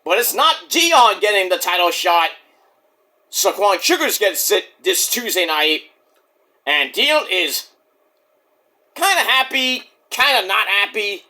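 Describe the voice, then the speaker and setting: Excitable, swearing man with a lively high voice. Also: slow pace, pauses often. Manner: excitable and profane, acts out quotes in silly voices. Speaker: wrestling show reviewer. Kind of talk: casual solo review vlog.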